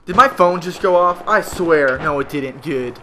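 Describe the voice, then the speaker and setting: Young guy raging over a game on his headset, high bright voice, a little background hum. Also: unhurried. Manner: frustrated, exasperated ranting with sudden loud outbursts. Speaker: gamer. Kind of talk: gameplay commentary rant.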